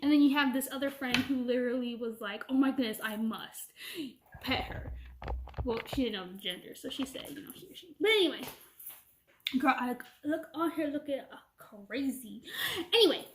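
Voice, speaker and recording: A woman's voice: high-pitched, expressive, brisk. A woman vlogger telling a rambling, casual storytime rant, full of "like" and "you know". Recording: echoey room, from a distance, faint noise.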